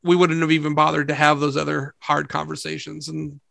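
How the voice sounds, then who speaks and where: A man in his thirties hosting a podcast, hoarse and gravelly from a cold, rambling with many restarts in casual conversation. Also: a little high, flat delivery, fairly quick, bright, forceful tone, no room sound. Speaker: podcast host.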